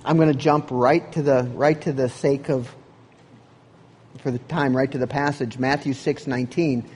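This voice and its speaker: Husky-voiced man preaching a sermon. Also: medium pitch, steady tone, moderate pace, a little mellow. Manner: earnest, conversational preaching. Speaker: pastor.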